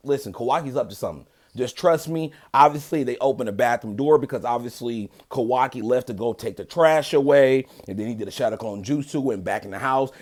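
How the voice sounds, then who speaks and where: Laid-back man reviewing an anime episode. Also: medium pitch. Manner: relaxed and conversational, heavy on filler phrases; corrects himself mid-sentence. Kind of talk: casual spoken episode review.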